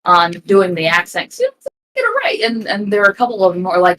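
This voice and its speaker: A young woman chatting as a tabletop game player, bubbly and quick with asides. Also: medium pitch, animated, a bit bright, a little hiss or hum. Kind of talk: casual chat before a tabletop game.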